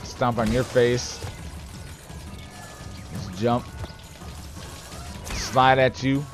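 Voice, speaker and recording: Unhurried and pausing often, this man's medium-pitched voice narrates his gameplay casually as a let's play gamer, with game music in the background. He jokes, swears, stays animated, and breaks into mock-angry outbursts.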